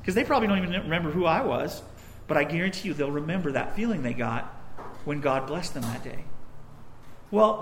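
A man's voice: fairly high pitch, fairly bright tone, slight background noise. A young man preaching a sermon, telling a personal story in a conversational way with little asides. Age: young adult.

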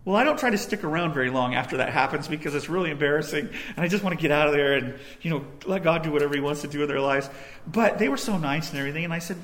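A man's voice: on the high side, lively intonation, very fast, a bit bright. A young man preaching a sermon, telling a personal story in a conversational way with little asides. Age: young adult.

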